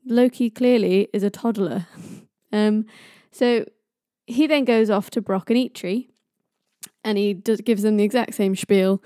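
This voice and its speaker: A woman's voice: mid-range voice, a little slow, warm tone, no room sound, studio quality. A young woman retelling myths on a podcast in a chatty way, with jokey asides. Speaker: podcast storyteller.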